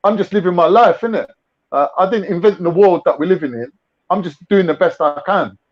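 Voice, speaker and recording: A young London man with a high-pitched voice talks a little fast while hosting a casual livestream chat. His banter is mocking and full of slang, and the audio has a lo-fi livestream quality.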